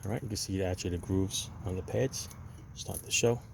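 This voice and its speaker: A man's voice: sits low, a little fast, vocal fry, a little hiss or hum. A man hosting a casual do-it-yourself car repair walkthrough, talking to viewers as "people" and giving blunt, opinionated advice while working outdoors at a parked car. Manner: chatty, addresses viewers as "people". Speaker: DIY car repair channel host.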